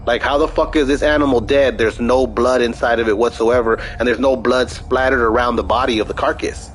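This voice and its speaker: A man's voice: medium pitch, steady tone, a little fast, faint music behind, poor audio. Rambling, profane young male gamer. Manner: rambling, profane storytelling with many restarts. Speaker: gaming streamer. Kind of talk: casual chat over gameplay.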